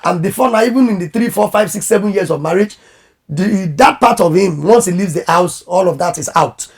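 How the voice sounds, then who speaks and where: A man who is a pastor and marriage coach, giving animated advice in conversation and acting out quoted voices. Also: sits high, a little fast, gravelly, husky.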